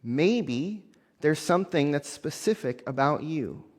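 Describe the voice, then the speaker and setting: A man's voice: a little high, expressive, a little slow, long reverb tail. A man preaching a sermon as a minister, earnest and building emphasis through repeated phrases.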